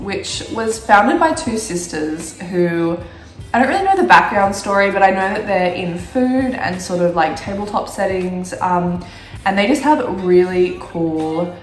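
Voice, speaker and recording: A woman from Australia, croaky from a cold, chatting casually to camera as a vlogger with lots of fillers. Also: lowish voice, echoey room. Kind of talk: casual chat.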